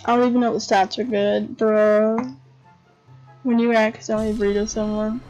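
A tired young woman giving casual commentary on a horse game, chatty and excitable, swearing freely and breaking into gasps and laughs. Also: fairly high pitch, moderate pace. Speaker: gamer commentator. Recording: dull lo-fi home recording with faint game music.

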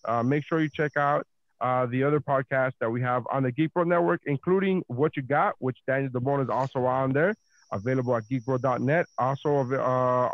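A man's voice: mid-range voice, no echo, dull audio. A man hosting a podcast in casual chat, rambling with lots of fillers and swearing freely. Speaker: podcast host.

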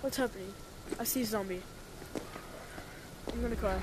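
A young woman chatting casually while playing a VR zombie game, jumpy and quick to shriek when scared. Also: on the high side, background noise. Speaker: gamer. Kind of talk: casual VR gameplay commentary.

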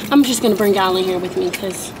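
A teenage girl chatting casually to her viewers while vlogging on a handheld camera, animated and talkative. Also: medium pitch, quick pace. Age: teens. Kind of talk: casual vlog chat to viewers. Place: in a car and around a shopping area. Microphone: handheld vlog camera. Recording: noisy handheld vlog recording.

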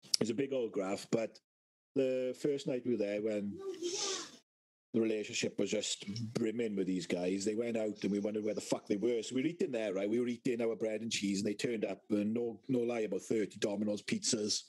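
A man's voice: fairly low pitch, fairly even intonation, fairly quick, a little mellow, low-quality recording. A British man co-hosting a podcast, telling rambling stories in casual chat and swearing a lot. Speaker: podcast co-host.

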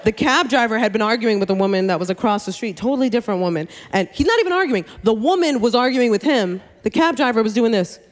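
A woman doing stand-up comedy, telling a story in an animated, chatty way full of asides, on a comedy club stage with a handheld mic. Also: on the high side, fast talker, few pauses. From New York City.

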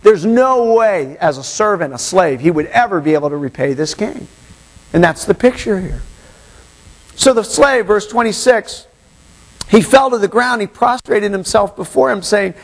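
Animated pastor with a lively, gravelly voice. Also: male voice, high-pitched, a little slow, low-quality recording. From Hawaii. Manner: animated, acts out the parable's voices. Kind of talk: sermon. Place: church.

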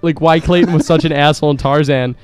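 A young man doing casual let's play commentary, crude and joking, getting excitable. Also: a little high, quick pace, clear, resonant tone, no echo, soft background music.

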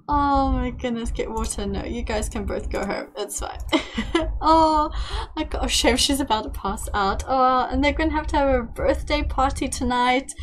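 A woman's voice: sits high, expressive, unhurried. A young woman commenting on a life-simulation game, gushing and squealing as she narrates her characters. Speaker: gaming YouTuber. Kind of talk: excited Let's Play commentary.

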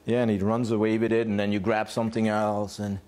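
A man teaching dog owners in a blunt, animated way, swearing freely and checking in with "yeah?". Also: on the low side, a little fast. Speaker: dog trainer. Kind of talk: informal teaching talk.

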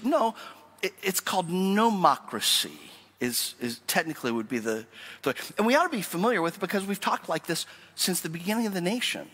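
Animated preacher man in a reverberant hall. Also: high voice, fast, breathy edge. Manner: animated, emphatic preaching with rhetorical questions. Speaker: pastor. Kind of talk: sermon. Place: church sanctuary.

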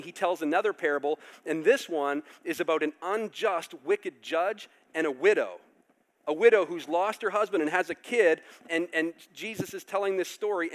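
Man, pastor, animated sermon, acts out voices, slightly high voice. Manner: animated, acts out characters with loud outbursts.

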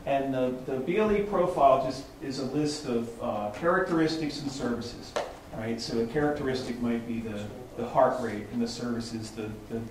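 A man's voice: medium pitch, a little mellow, slight background noise. Man explaining from across an echoey room. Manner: loose, conversational, with frequent restarts and "right?" checks. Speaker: presenter at a tech meetup lab. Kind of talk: explaining to a small group. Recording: echoey room, distant mic, faint ambience.

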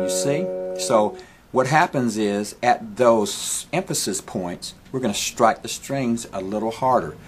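A man teaching a guitar strumming lesson, patiently calling out the strokes while he plays. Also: on the low side. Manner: patient, counts strums aloud over guitar.

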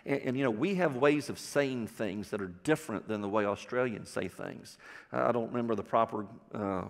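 A man's voice: medium pitch, fairly quick, vocal fry. Texan male pastor, folksy storyteller, mid-range voice, sanctuary reverb. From Texas. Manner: folksy storytelling with audience questions. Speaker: preacher. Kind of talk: sermon. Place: church sanctuary.

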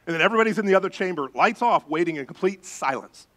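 Male pastor, slightly raised pitch, animated sermon storyteller who drops to a hush for suspense. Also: fast talker.

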